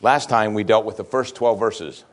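Man preaching a slow, emphatic sermon. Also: lowish voice. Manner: slow emphatic verse reading, rhetorical questions. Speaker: pastor.

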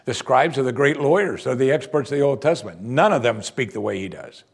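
A man preaching verse by verse through a Bible passage, animated, breaking off to act out the people he quotes. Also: mid-range voice, fairly quick, gravelly, breathy edge. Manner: animated, acts out quoted voices.

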